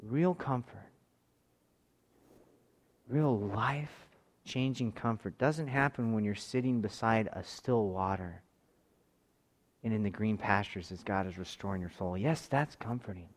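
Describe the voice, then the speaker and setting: A man in his thirties preaching a sermon, moving between forceful raised passages and quiet, intimate tones. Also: on the low side, a little slow, long pauses. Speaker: pastor.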